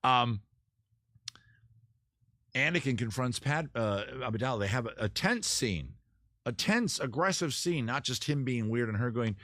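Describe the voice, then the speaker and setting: A man hosting a casual livestream, talking in a rambling, self-interrupting way, swearing and acting out scenes in quick put-on voices. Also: mid-range voice, expressive, a bit bright, no echo, clean studio sound. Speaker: livestream host. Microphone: camera mic.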